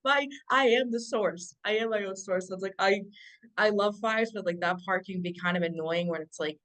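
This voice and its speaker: A woman's voice: mid-range voice, moderate pace, a bit bright. A woman telling stories bluntly in a casual group chat, swearing freely and laughing. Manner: blunt, profane, laughing storyteller. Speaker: panel guest.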